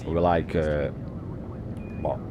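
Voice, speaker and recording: Sweary northern streamer. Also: male voice, rumbling low, level tone, slow, noisy background. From North West England. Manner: swears constantly, laughs often, banters with chat. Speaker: game streamer. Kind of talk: casual stream chat.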